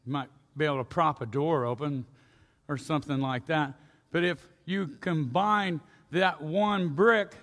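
Male pastor, folksy storyteller, gravelly, long church reverb. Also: a little high, a bit bright. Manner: folksy storytelling preacher, asks the congregation questions. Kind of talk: sermon.

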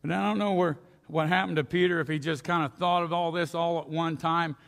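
A male pastor preaching in a homespun, storytelling manner, his fairly high voice gravelly with fry. He talks straight to his congregation and asks them questions. The sound carries a long reverb through the church. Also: fairly even intonation, brisk, a bit bright. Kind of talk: sermon.

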